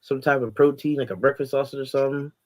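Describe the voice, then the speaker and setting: A man's voice: mid-range voice, steady tone, fast. A man from New Jersey, a podcast guest, trading laid-back teasing banter in casual chat.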